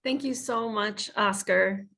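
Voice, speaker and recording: A woman's voice: medium pitch, takes it slowly, vocal fry, pushed and bright. A woman in her fifties from the United States, a guest telling a personal spiritual story in an earnest, heartfelt way, often restarting her sentences. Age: 50s.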